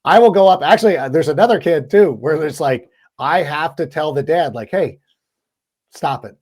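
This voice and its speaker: A man hosting a sports podcast in casual chat, talking in an animated, quick way. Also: on the high side. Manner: animated, quick, acts out quoted lines. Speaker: podcast host.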